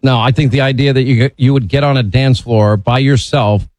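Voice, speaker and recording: A man's voice: medium pitch, fairly even intonation, moderate pace, a little mellow, dry recording, poor audio. A man hosting a call-in radio talk show, blunt and opinionated in a conversational way. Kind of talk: talk radio, taking calls.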